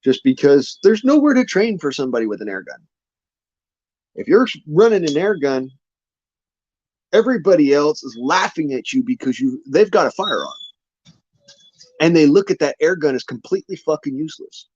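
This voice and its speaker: A man's voice: on the high side, big pitch swings, normal speed, long pauses, darkish tone, no echo. A man rambling casually on his vlog in a folksy, drawling way, often swearing. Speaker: vlogger. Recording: muffled lo-fi dry sound.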